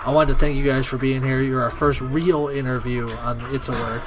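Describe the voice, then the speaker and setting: A man's voice: mid-range voice, fairly even intonation, brisk, noisy background. A man hosting a podcast, teasing his guests with sarcastic jokes. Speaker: podcast host. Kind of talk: casual podcast chat.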